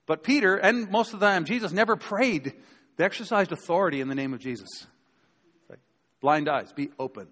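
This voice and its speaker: Higher-voiced male pastor in a reverberant hall. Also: lively intonation, fairly quick, fairly bright tone. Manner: conversational, emphatic preaching with rhetorical questions to the congregation. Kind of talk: sermon. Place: church sanctuary before a live congregation.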